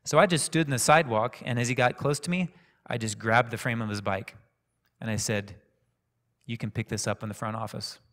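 A man preaching a sermon, telling a personal story in a calm, conversational way. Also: mid-range voice, fairly quick. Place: church sanctuary. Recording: echoey church hall reverb.

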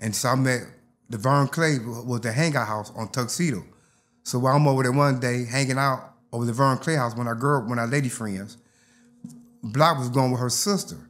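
A man's voice: mid-range voice, brisk, faint music behind. A man, an interview guest telling a story in casual speech and acting out other people's lines. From Detroit, USA. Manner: animated, acts out others' lines.

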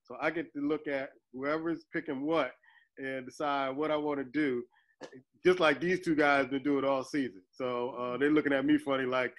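A man hosting a casual sports talk show, reading standings and running the picks in a relaxed way with many fillers. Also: medium pitch, moderate pace, rough recording. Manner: relaxed, filler-heavy, laughs often. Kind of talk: casual sports radio chat.

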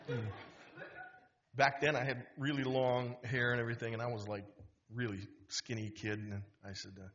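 Speaking at normal speed in a mid-range voice, this fifties-aged guest speaker from Wisconsin tells a humorous story in a university auditorium. He's animated and keeps restarting, captured in a dull auditorium recording.

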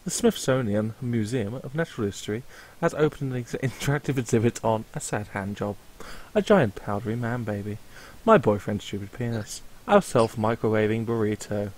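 A man's voice: fairly low pitch, lively intonation, moderate pace, a little mellow, poor audio. Man reading cards like a narrator.

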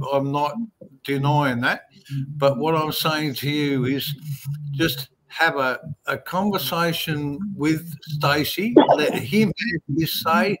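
Man, panelist, slow deliberate talk, appeal for calm, faint background noise. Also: fairly high pitch, rough recording. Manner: stammering start, then steady appeal for calm. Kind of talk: heated online call-in debate.

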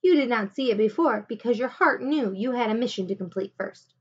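Wise old ninja teacher, soft and solemn, read by a woman, dull recording. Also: on the high side, expressive, brisk, husky. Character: calm wise old male ninja master.

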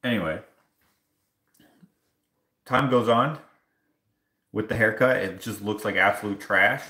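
This man from Canada speaks a little slowly in a voice on the low side, and the sound is reverberant. Streaming live from his home kitchen as he washes dishes, he tells casual stories and animatedly imitates the people in them.

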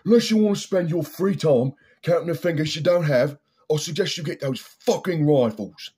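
A man impersonating a menacing Cockney tough guy, jaw jutted out and larynx pushed low. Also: moderate pace, mellow, breathy edge. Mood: threatening.

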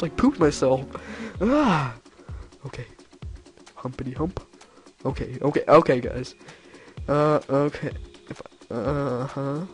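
A man giving let's-play commentary, excitable and silly, breaking into shrieking high-pitched yelps whenever he fails. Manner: silly self-mocking banter. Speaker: gameplay commentator.

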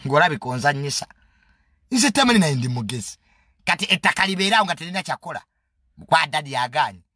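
Ugandan guy doing a cocky joking rant, mixes in english, kinda high voice, bouncy pitch. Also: pushed and bright, dry recording, studio quality. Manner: mocking, boastful, mixes English into his speech. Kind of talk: casual comedic monologue.

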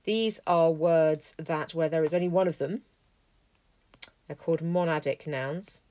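A woman teaching a language lesson, explaining clearly and methodically, working through a text word by word. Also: sits low, a little slow, mellow, dry recording. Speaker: Greek teacher. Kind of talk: lesson walkthrough.

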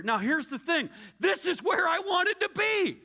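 A middle-aged male pastor telling a story in a sermon, acting out the dialogue with shouts and laughter. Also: very high-pitched, sing-song, measured pace, hardly any pauses.

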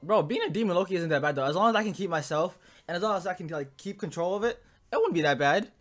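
A man's voice: high voice, lively intonation, fast talker. Emotional young man reacting to anime. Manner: emotional, swearing, laughing, swings from muttering to loud outbursts. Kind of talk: casual reaction commentary.

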